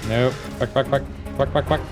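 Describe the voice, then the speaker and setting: A man's voice: medium pitch, fairly even intonation, normal speed, over music. A Scottish man commenting on a horror game playthrough with sweary, joking reactions. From Scotland. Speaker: gaming YouTuber.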